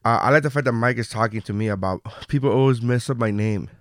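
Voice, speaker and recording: A man hosting a casual podcast, joking and swearing with quick asides. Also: medium pitch, expressive, no echo, clean studio sound. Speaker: podcast host.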